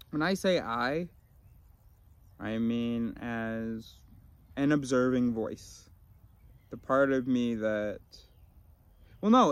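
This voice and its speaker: A man vlogging in a rambling, philosophical monologue, often restarting his sentences and swinging between loud and mumbled. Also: medium pitch. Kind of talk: casual rambling monologue to camera.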